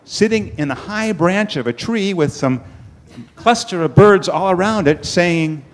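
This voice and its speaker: Man telling an animated church story. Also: sits high. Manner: animated storytelling, dramatic pauses. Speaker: storyteller at a congregation service. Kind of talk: children's story told at a worship service.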